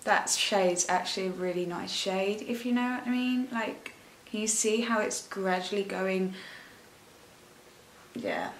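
A woman's voice: medium pitch, a little slow, a little hiss or hum. Young woman, beauty vlogger, rambling casual chat, gushing, roomy echo. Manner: chatty, rambling, gushing with excitement. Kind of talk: casual makeup tutorial chat. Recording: echoey room.

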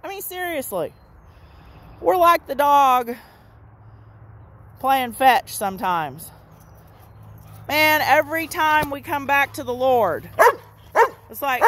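A woman preaching casually and animatedly to her listeners, her voice pitched high and her pace slow and deliberate. She talks with playful asides. A faint hum of outdoor noise sits behind her. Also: very animated, a bit bright. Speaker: street preacher. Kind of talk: informal preaching to camera.

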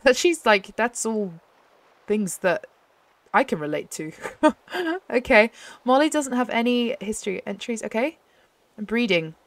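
A young woman host chatting excitedly as she plays a game, often laughing. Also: fairly high pitch, a little slow, dry recording. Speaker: gaming channel host. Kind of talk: casual gameplay commentary.

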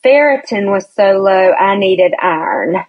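Woman, podcast guest, slow chatty storytelling, husky voice, dull lo-fi recording. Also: medium pitch, expressive. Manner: chatty, hesitant with many restarts. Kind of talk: casual storytelling chat.

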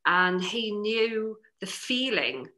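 A woman with a North East English accent, a novelist chatting casually in an interview, animated and full of restarts. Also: mid-range voice, slow pace. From North East England. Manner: animated, many restarts and "you know"s. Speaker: novelist guest.

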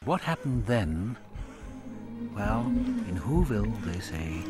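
A man narrating a rhyming storybook film in a measured storytelling manner. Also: lowish voice, wildly swooping pitch, heavily acted. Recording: film audio under music.

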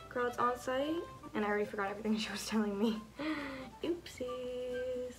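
An excitable young woman in her twenties chatters through a game, gasping and swearing as she goes. Her voice sits a little high, and game music plays clearly under her talk. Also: brisk. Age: 20s. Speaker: gamer. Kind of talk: let's play commentary.

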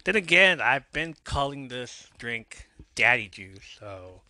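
A man's voice: mid-range voice, big pitch swings, takes it slowly, bright, forceful tone, dry recording. A man hosting a podcast, recapping a show in a casual way and laughing at his own asides. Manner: reads scene aloud, imitating characters with a drawl, laughing asides. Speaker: podcast host.

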